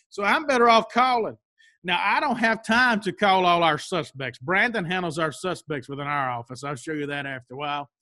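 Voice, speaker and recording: A man's voice: high-pitched, bright, forceful tone, no echo, clean studio sound. A man giving an instructional talk, plain-spoken and stressing each key step.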